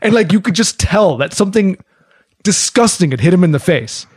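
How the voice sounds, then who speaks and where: Fast-talking man telling a story. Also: high voice, breathy edge, no echo, clean studio sound. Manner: animated storyteller acting out quotes. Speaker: podcast co-host. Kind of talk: casual storytelling chat.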